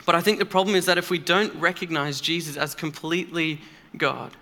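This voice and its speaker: A man's voice: fairly high pitch, steady tone, brisk, pushed and bright. A man preaching a sermon in a church, earnest and emphatic, speaking conversationally with occasional fillers.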